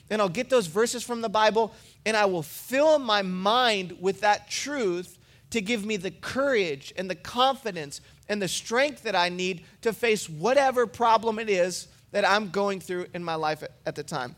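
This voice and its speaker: High-voiced pastor preaching conversationally. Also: male voice, unhurried, fairly bright tone. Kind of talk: sermon.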